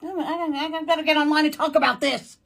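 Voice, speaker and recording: A woman with a fairly high voice rants through a commentary segment. She is blunt, exasperated and swears constantly. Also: steady tone, fast talker, gravelly, a bit bright. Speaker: commentary host. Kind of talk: ranting commentary.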